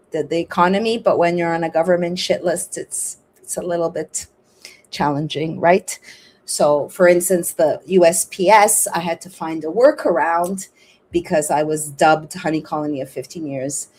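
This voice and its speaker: Rambling frustrated woman host, lowish voice. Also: darkish tone, a little hiss or hum. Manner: rambling, frustrated, with many restarts. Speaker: podcast host. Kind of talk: casual show sign-off and appeal.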